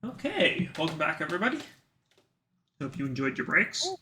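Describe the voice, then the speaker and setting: A man's voice: on the high side, huge pitch swings, normal speed, pushed and bright, husky. A man running a tabletop game as dungeon master, talking in an easygoing way and thinking aloud as he goes.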